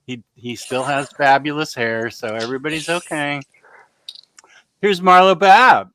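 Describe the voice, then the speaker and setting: A man's voice: on the high side, unhurried, bright, forceful tone, a little hiss or hum. A man hosting a livestream chat, upbeat and reading out viewer comments. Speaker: host.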